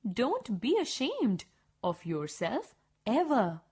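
A woman voicing a kind female teacher who speaks softly and calmly to a pupil. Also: fairly high pitch, slow pace, slightly rough, heavily acted. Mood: gentle. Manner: soft, calm, reassuring. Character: kind, calm female schoolteacher, gently encouraging.

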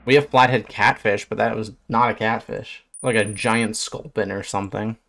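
A man's voice: on the low side, little pitch movement, normal speed, creaky. Man reacting bluntly with faint music behind. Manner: blunt, swears freely, bursts out in surprised questions. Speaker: fish biologist streamer. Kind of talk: casual reaction commentary.

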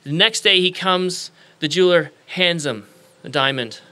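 A pastor preaching a sermon in church, telling a made-up parable and acting out the voices of its characters. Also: male voice, sits high, moderate pace, sharp tone. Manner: storytelling preacher, acts out quoted voices. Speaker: guest pastor. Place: church sanctuary.

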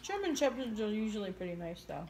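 A woman's voice: mid-range voice, very animated, quick pace, darkish tone. A woman co-hosting a casual livestream, chatting with viewers and giggling through her stories. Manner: giggly, playful, squeals quoted lines. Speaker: livestream co-host.

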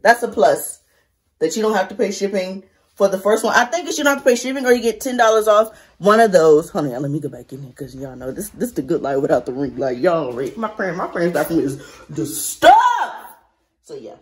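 A woman chatting casually to camera in a beauty vlog, animated and talky, calling her viewers y'all. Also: fairly low pitch, fast talker. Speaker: beauty vlogger. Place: bathroom at home. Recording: echoey bathroom.

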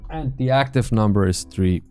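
A man's voice: fairly low pitch, moderate pace, darkish tone, smooth, soft background music. A man streaming live and chatting casually with his viewers, blunt and full of swearing as he rambles.

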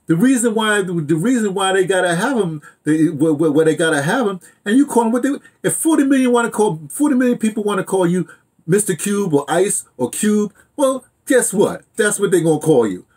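A man's voice: high-pitched, lively intonation, fairly quick, a little mellow, breathy edge. A man, co-hosting a casual talk show, emphatic and repeating words as he builds his point. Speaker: podcast host. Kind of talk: casual chat.

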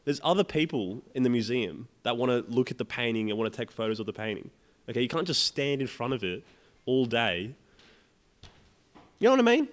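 A man's voice: medium pitch, sing-song, brisk. A young man co-hosting a podcast, telling rant-filled stories in casual chat and swearing freely. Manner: swears a lot, ranting storyteller. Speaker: podcast co-host.

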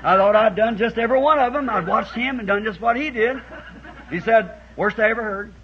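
A man preaching a sermon to a church congregation in a folksy storytelling way, acting out quoted voices and building up to shouts, on a dull 1960s tape. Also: very high voice, brisk, a little hiss or hum.

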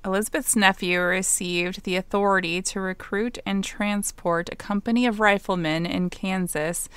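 A woman's voice: mid-range voice, clean tone, no room sound. A woman co-hosting a podcast, casually telling a history story from her notes, with asides and stumbles.

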